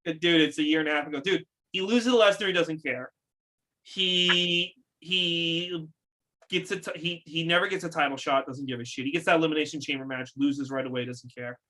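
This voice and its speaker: A man's voice: on the high side, fairly even intonation, brisk, bright, forceful tone. A man co-hosting a casual wrestling recap show, ranting in an exasperated, profane way and repeating his points. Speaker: podcast co-host.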